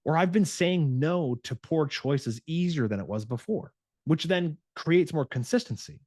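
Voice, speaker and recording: A male fitness coach giving a motivational talk, animated and acting out his clients' inner voices, with frequent restarts and filler words. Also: mid-range voice, no echo, clean studio sound.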